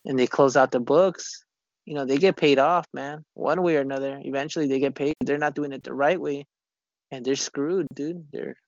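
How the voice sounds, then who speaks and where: A man in casual chat, rambling and halting, swearing often and restarting his sentences. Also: mid-range voice, fairly even intonation, no room sound. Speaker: conversation partner. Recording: dull lo-fi recording.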